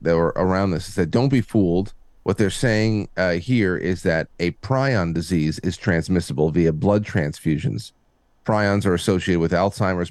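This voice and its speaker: A man co-hosting a podcast in casual chat, reading articles aloud with halting restarts. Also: deep voice, a little mellow, no room sound, clean studio sound. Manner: halting, repeats words, reads articles aloud. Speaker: podcast co-host.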